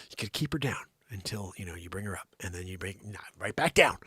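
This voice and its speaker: A man hosting an improvised live comedy show, teasing and rambling, swinging from loud shouts to hushed whispered asides. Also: low-pitched, lively intonation, fast talker, hardly any pauses, breathy edge, no room sound, clean studio sound.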